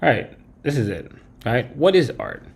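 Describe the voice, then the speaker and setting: This livestream host has a gravelly, slightly mellow mid-range voice that swings wildly in pitch at a moderate pace. Late at night he rants bluntly, cursing nonstop and ending points with "right?"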